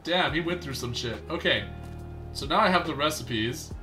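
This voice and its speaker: Excitable, bright-voiced male streamer. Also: on the high side, normal speed, faint music behind. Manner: excitable, laughs often, greets chat. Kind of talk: casual gameplay commentary.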